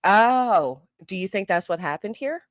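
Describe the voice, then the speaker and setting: A middle-aged woman hosting a live stream, chatting casually with viewers, greeting them by name, and talking fast and loud. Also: mid-range voice, animated, no echo, studio quality. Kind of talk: casual live chat, reading comments.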